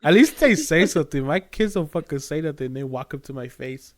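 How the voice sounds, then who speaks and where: A man's voice: on the high side, animated, fairly quick. A man co-hosting a casual podcast, joking around, swearing freely and laughing along. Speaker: podcast co-host. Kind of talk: casual chat.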